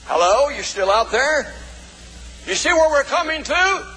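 A male pastor preaching a sermon in a folksy way, calling out to the congregation and shouting for emphasis. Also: very high voice, sing-song, a little slow. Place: church. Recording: long reverb of a church hall.

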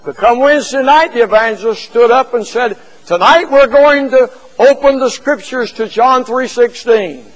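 A male preacher telling a story and preaching a sermon, rising to shouts at the high points. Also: moderate pace, few pauses, low-quality recording.

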